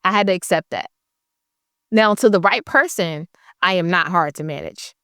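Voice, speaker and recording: A woman's voice: fairly low pitch, moderate pace, sharp tone, dry recording, clean studio sound. A woman guest on a podcast, telling her own stories in a blunt, emphatic, candid way. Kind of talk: candid conversational storytelling.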